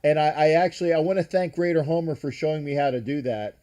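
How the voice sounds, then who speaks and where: A man's voice: on the high side, fast, mellow. An older man hosting a casual live-streamed sports talk show, rambling and profane, with a lot of false starts. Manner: rambling, profane, many restarts.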